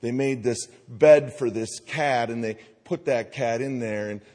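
A male pastor preaching a sermon, telling a story and acting out voices, slowing and softening on key phrases. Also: medium pitch. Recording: long hall reverb.

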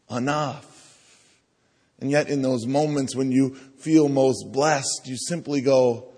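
A man preaching a sermon in a conversational style, pausing to have the congregation turn and repeat phrases to one another. He speaks slowly in a mid-pitched voice. The sound carries the long reverb of a church hall. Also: darkish tone. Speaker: pastor. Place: church sanctuary.

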